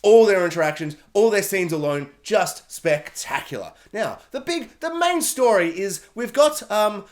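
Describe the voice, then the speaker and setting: A man giving a casual spoiler film review, animated and sarcastic, with joking asides. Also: high voice, a little slow, few pauses.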